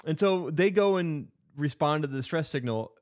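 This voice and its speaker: A man's voice: fairly high pitch, expressive, moderate pace, darkish tone. A man casually retelling a movie's plot, rambling with lots of fillers and restarts. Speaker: podcast co-host.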